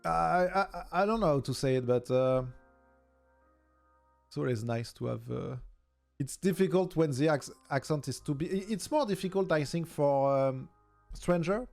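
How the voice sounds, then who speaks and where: A man with a southern French accent, a native French speaker, chatting casually as a streamer in halting English and searching for words. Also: fairly high pitch, expressive, gravelly, a little mellow, faint music behind. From southern France. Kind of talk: casual chat.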